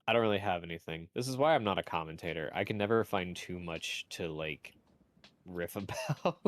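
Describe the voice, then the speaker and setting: A man's voice: low voice, fairly quick, dry recording. A man doing casual esports commentary, rambling and self-deprecating, often laughing as he talks. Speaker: tournament commentator.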